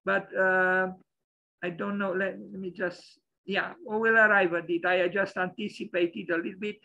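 Gravelly, hesitant male lecturer. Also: high-pitched, flat delivery, normal speed, sharp tone, dull audio. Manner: hesitant, many fillers, opinionated. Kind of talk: lecture over slides.

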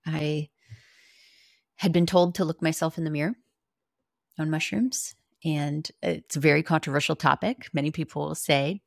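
A woman's voice: sits low, steady tone, normal speed, gravelly, dry recording, studio quality. A woman guest on a podcast, earnestly and candidly telling a personal story, with casual swearing.

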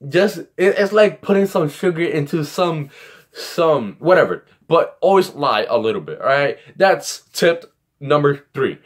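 A young man rambling through casual vlog tips with animated storytelling. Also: a little high, a little slow. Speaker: YouTuber giving comedy tips.

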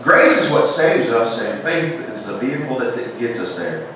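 A man preaching a sermon in a church with a Southern American accent, swinging between emphatic calls and hushed, intimate lines. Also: mid-range voice, big pitch swings, moderate pace, noisy background. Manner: rises to emphatic preaching then drops to hushed tones. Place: church sanctuary. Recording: echoey church from far off.

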